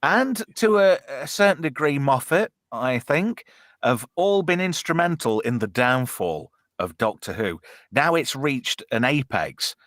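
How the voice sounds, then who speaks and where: A man's voice: medium pitch, animated, a little slow, a bit bright, dry recording, studio quality. A middle-aged man hosting a casual live stream, swearing freely and teasing his co-hosts. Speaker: host.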